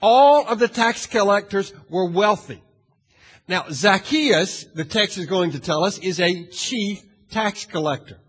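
A male pastor preaching a sermon in a dramatic way, asking the audience questions and swinging from hushed to loud. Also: high-pitched, lively intonation, measured pace, slightly rough. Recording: long hall reverb.

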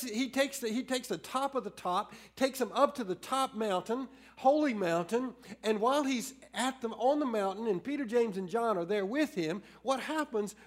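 Male pastor, middle-aged, high voice, earnest sermon delivery, halting restarts. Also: expressive. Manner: earnest, with many restarts and shifts between slow emphasis and quick storytelling.

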